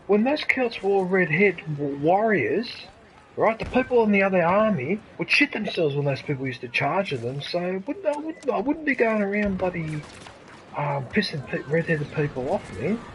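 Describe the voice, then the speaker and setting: A man with an Australian accent chatting casually and excitably while streaming a game, rambling and swearing now and then. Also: high-pitched, moderate pace, slight background noise, rough recording. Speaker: gaming streamer.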